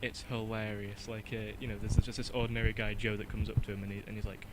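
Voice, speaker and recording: A man's voice: fairly low pitch, little pitch movement, quick pace, background noise. A man co-hosting a casual podcast, rambling and self-deprecating, laughing at his own jokes. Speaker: podcast co-host and intro guy.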